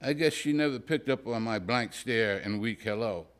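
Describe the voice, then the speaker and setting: A man reads a comic prose story aloud at a poetry reading, his voice at an ordinary middle pitch. He keeps a dry, deadpan tone, letting the wry asides land without pushing them. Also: normal speed. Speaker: poet reading his work.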